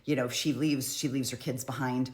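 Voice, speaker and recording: A woman's voice: extremely low pitch, steady tone, a little fast, darkish tone. A woman casually recapping courtroom testimony in a chatty, conversational way. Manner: chatty, conversational, frequent "like" and "you know". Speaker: true crime commentator.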